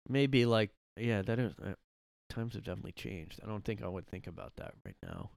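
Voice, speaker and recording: A man's voice: fairly low pitch, wildly swooping pitch, fairly quick, gravelly, a little mellow, no echo, studio quality. A man rambling through a casual solo podcast from his room, full of fillers and restarts. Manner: rambling, lots of fillers and self-corrections, laughs often. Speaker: podcast host. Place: home room.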